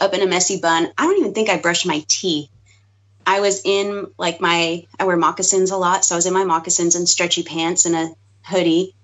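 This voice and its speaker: A woman chatting casually as a podcast guest co-host, talking quickly with lots of fillers and giggles. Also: mid-range voice, fairly bright tone. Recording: dull lo-fi podcast audio.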